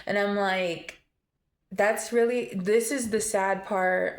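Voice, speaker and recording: A woman's voice: mid-range voice, fairly even intonation, measured pace, reverberant. A woman telling a personal story on a casual vlog, emotional and rambling, with lots of fillers and restarts. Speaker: vlogger.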